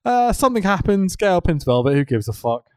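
A man's voice: sits high, very animated, fairly quick, a little mellow, smooth, dry recording. A man co-hosting a casual podcast, recapping wrestling with lots of swearing and laughter. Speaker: podcast co-host.

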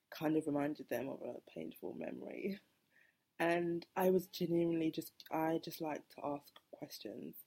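A young woman talks through a casual solo podcast, wandering between thoughts, correcting herself and laughing as she goes. Her voice sits low and gravelly, with a husky, mellow tone. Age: 20s. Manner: rambling, self-correcting, laughs often. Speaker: podcast host.

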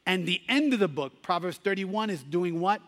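A man's voice: sits high, lively intonation, normal speed, a bit bright, big-room sound. A man preaching a sermon, telling a story and rising to emphatic Bible readings.

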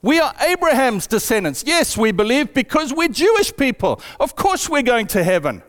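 A man's voice: extremely high pitch, very animated, normal speed, fairly bright tone, pitched above the performer's own voice, exaggerated voice. A man voicing indignant, self-assured listeners in a sermon, speaking defensively. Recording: long hall reverb.

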